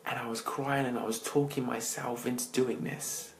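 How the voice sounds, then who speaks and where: Guy with a gravelly voice telling his life story to a crowd, goes real quiet and hushed at times, bit of faint hiss behind. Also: mid-range voice, level tone, rough recording. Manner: emotional storytelling with dramatic pauses, dropping to near-whispers. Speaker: motivational speaker. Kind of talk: personal story told to an audience.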